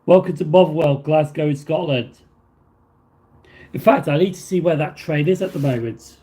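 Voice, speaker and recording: At a moderate pace, a livestream host with a slightly high, mellow voice reads viewers' messages aloud. His casual answers ramble, heavy with filler words and restarts.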